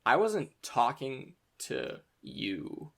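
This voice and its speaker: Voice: medium pitch, wildly swooping pitch, extremely slow, gravelly, fairly bright tone, heavily acted. A game master voicing a tall, cocky young male upperclassman who goads and mocks others. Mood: goading. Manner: taunting, mocking, hamming it up.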